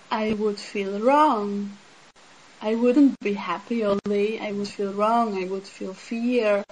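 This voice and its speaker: A woman speaks slowly and earnestly in a fairly high voice, reflecting aloud with plenty of "like" and "um". The recording carries a faint steady hiss underneath. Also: rough recording. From Switzerland. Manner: earnest, reflective, with many "like" and "um" fillers. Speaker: speaker sharing personal insight. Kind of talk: casual spiritual talk.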